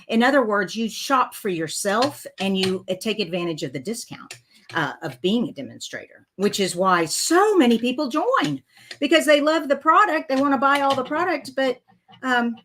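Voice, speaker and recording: A woman's voice: a little high, sing-song, moderate pace, fairly bright tone, a little hiss or hum. A woman, chatting casually as she demonstrates a card-making project live, talking through her slips with good humor. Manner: chatty and self-deprecating, talking through mistakes. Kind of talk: live crafting tutorial chat.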